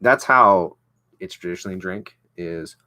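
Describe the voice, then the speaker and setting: A man's voice: low voice, a little slow, bright, forceful tone, dry recording. A young man chatting casually as he unboxes and tastes a whisky, rambling with lots of fillers and restarts. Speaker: vlogger reviewing whisky.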